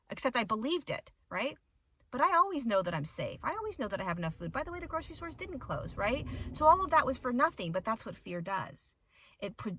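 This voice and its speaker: Expressive, bright-voiced woman spiritual teacher. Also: medium pitch, no room sound. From United States. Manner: animated, dramatic storytelling with swearing. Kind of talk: casual spiritual talk to followers.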